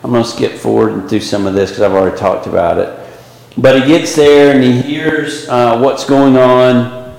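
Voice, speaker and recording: A man's voice: medium pitch, fairly even intonation, normal speed, creaky, a little mellow. A man teaching a Bible class, rambling with many fillers and restarts and pushing rhetorical questions up with emphasis. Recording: echoey hall with long reverb.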